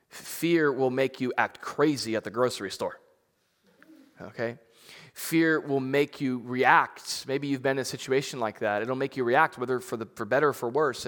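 A pastor giving a sermon in a conversational way, repeating words and building to emphatic, rising peaks. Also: male voice, medium pitch, in a large hall.

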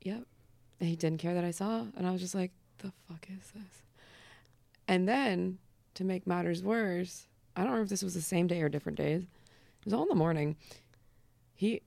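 Woman comedian guest, low voice, gravelly fry, deadpan, dry close sound. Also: a little fast, no echo. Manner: deadpan, crude jokes. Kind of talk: casual chat.

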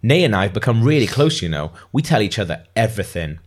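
A man reading aloud, voicing a guarded, prickly teenage girl in a low-key, deep voice. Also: very animated, fast talker, husky. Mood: cool.

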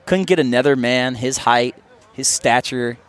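A man's voice: medium pitch, unhurried, clean tone. A man co-hosting a podcast, bantering crudely and telling stories while standing in line outdoors on a city street. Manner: joking, crude, lively storyteller. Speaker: podcast co-host. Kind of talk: casual banter.

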